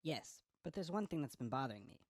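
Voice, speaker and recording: A voice actor playing a confident cartoon defense lawyer who dramatically lays out accusations in a game. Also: female voice, low voice, sing-song, fast, a little mellow, no echo, full character voice. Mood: probing. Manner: theatrical, accusing, dramatic reveals.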